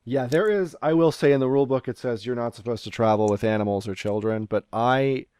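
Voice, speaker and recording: A man's voice: mid-range voice, brisk, a little mellow, smooth, no echo. A man running a tabletop game as game master, talking casually and hesitantly with many filler sounds, on a remote home mic.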